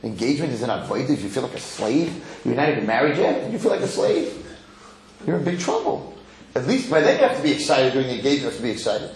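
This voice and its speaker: Animated rabbi in an echoey hall. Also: male voice, medium pitch, very fast. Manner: animated, acts out quotes, repeats words. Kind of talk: Torah lecture. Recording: echoey hall with faint noise.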